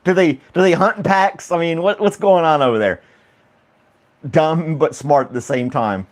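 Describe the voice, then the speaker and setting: A man's voice: on the high side, normal speed. A man hosting a casual chat stream, laughing often and rambling through questions to his viewers. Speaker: livestream host reading chat.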